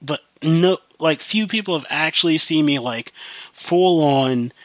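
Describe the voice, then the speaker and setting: A man's voice: fairly high pitch, a little slow, a bit bright, dry recording. Young guy podcasting solo, rambly, lots of likes and you knows, dry mic. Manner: rambling, many fillers and restarts. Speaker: podcast host. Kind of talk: casual monologue.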